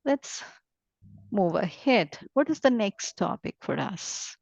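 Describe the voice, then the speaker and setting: Slow patient Indian woman teaching German. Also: mid-range voice, big pitch swings, creaky, no room sound. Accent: Indian English. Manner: patient, repeats each word slowly. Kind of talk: slow online language lesson. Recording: dull lo-fi dry sound.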